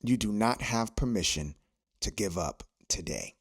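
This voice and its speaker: A man with a lowish voice gives a motivational podcast monologue. He talks like a preacher and drives his points home by repeating phrases. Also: lively intonation, measured pace, breathy edge. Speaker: podcast host.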